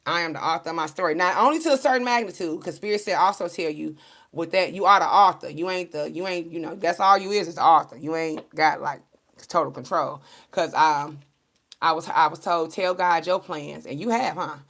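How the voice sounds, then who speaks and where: A woman, giving viewers a casual spiritual pep talk as a tarot card reader, animated and preachy, laughing often and swearing casually. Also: on the low side, fairly quick.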